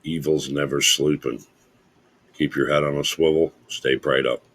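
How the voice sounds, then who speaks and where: A man giving hushed, hesitant casual commentary. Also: extremely low pitch, little pitch movement, unhurried, husky.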